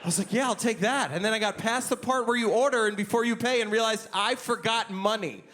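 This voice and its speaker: A young man performing a stand-up comedy set on a club stage, telling stories in an animated way and jumping into high, excited voices for himself. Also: fast.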